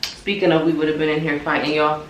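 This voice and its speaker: Joking young dad, high voice, roomy room. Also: male voice, completely flat delivery, fast, a bit bright. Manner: joking, teasing, talks to the viewers. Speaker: father and vlog co-host. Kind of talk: casual family vlog chat. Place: home nursery room, indoors. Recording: roomy, distant, noisy home video.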